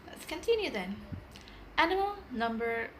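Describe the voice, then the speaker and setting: A young adult woman making a playful home video, introducing each animal sound in an easy, unhurried way. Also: a little high, sing-song, a bit bright. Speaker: vlogger. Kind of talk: casual chat. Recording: noisy background hiss.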